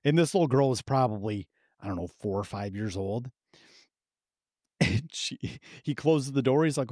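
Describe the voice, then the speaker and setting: Foul-mouthed, lively podcast dad. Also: male voice, medium pitch, normal speed, dry recording, clean studio sound. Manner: heavy swearing, animated storytelling with acted quotes. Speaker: podcast co-host. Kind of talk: casual uncensored podcast chat.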